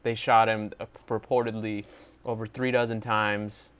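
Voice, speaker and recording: A man's voice: fairly low pitch, level tone, moderate pace, fairly bright tone, clear, resonant tone. A man co-hosting a reaction show, chatting casually, explaining clips and asking his partner's opinion. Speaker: co-host.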